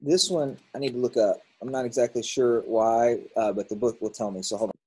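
In this grammar lesson, a man voices his way through the workbook answers, pondering aloud and amending what he says. His brisk, mid-range voice sounds slightly rough, and the recording is low quality.

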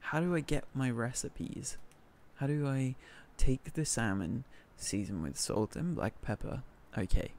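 Slow-talking gravelly British streamer. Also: male voice, mid-range voice, animated, darkish tone, slight background noise. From northern England. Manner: chatty and self-mocking, thanking viewers by name. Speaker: streamer playing a cooking game. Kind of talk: casual live-stream chat.

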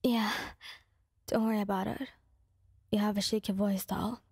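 Whispered role-play, tearful young woman played by a woman, shaky, apologetic, hushed. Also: medium pitch, flat delivery, normal speed, slightly rough, no echo, clean studio sound, pitched below the performer's own voice.

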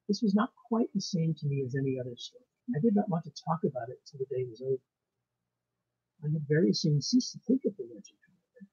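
A man reading a ghost story aloud in a measured, formal storytelling manner. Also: on the high side, warm tone, husky. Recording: dull lo-fi recording.

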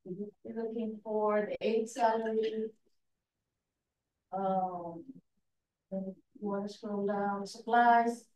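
A slow, halting woman with a non-native accent walks a group through a training presentation. Her voice is dark and mellow, and it comes from a distance in an echoey room. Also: medium pitch, steady tone. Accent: non-native English accent. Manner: halting, many fillers and restarts, laughs often. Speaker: state education staff trainer.

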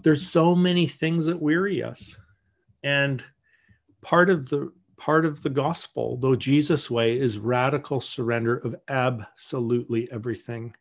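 A man of middle pitch gives a sermon in a church, telling a frank personal story. His delivery is candid and conversational. Now and then he drops to a soft, murmured prayer. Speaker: guest teacher.

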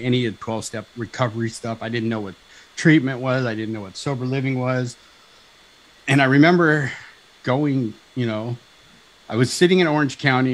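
Fifties male guest, storyteller, animated, voices the other people in his story, average pitch. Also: poor audio. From Southern California. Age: 50s. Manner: animated, acts out dialogue, frequent "right?" and "like". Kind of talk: personal storytelling on a talk show.

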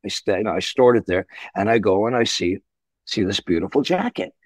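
An older man from Canada, a musician, telling animated, salty stories in an interview and acting out the voices. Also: on the low side, fairly quick, no room sound, clean studio sound. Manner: animated, swears, acts out voices. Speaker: musician guest.

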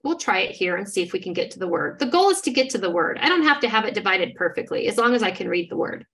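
A woman's voice: medium pitch, sing-song, quick pace, fairly bright tone, slight background noise. A woman giving an instructional demonstration as a literacy trainer, modeling how to decode words step by step in an encouraging way.

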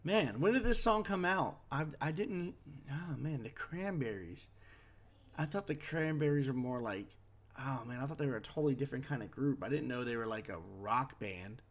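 A man's voice: mid-range voice, expressive, normal speed. A man chatting casually as he reacts to a concert video, wondering aloud and easily impressed.

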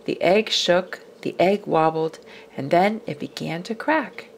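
A woman's voice: fairly low pitch, a little slow, gravelly, a little hiss or hum. Woman reading a children's picture book aloud. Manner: expressive, drops to whispers for suspense. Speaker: storyteller.

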